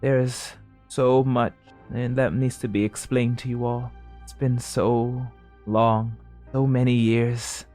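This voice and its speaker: A man voicing a weary, gentle woman of a resistance, explaining softly in a higher voice. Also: flat delivery, slow pace, faint music behind, close to an everyday voice.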